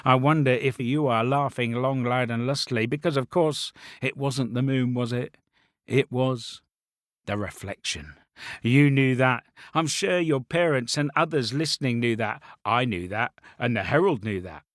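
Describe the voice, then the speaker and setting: A man's voice: mid-range voice, normal speed, fairly bright tone, no room sound, clean studio sound. A man telling a children's folk tale, playfully talking straight to his young listeners. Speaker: storyteller. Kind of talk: children's storytelling.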